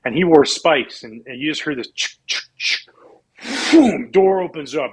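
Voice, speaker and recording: Man, husky voice, animated rambling storyteller, interview guest, from Canada. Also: a little high, moderate pace, poor audio. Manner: animated, rambling with restarts and laughs. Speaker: former pro pitcher, guest.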